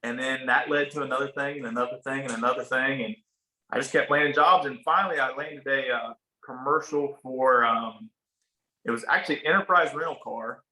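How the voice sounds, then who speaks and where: A man's voice: medium pitch, fairly quick, pushed and bright. A man in his thirties from a small town in Ohio, with a rural Ohio accent, telling a story in laid-back casual talk, swearing now and then and acting out what people said. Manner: laid-back, swears, acts out quoted dialogue. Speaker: podcast guest, barber. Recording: roomy echoey room.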